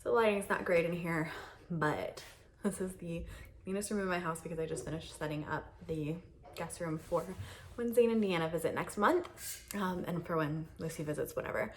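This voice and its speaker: In a carpeted guest room, a young woman rambles to a camera on a tripod, laughing and using many fillers in casual, candid chat. She speaks in a lowish voice at a moderate pace, and there is slight background noise.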